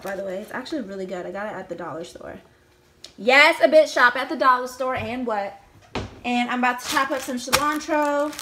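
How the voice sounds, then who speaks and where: Playful high-voiced woman in a noisy kitchen. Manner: playful, sings silly chopping chants, swears casually. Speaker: comedian cooking vlogger. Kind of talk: casual cooking vlog. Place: home kitchen.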